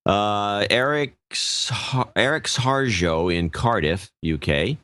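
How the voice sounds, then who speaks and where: Brief: very low male podcast co-host, offhand name-reading, dry close sound. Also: takes it slowly, fairly bright tone, dry recording. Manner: offhand, stumbles over names. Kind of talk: casual chat, reading donor names.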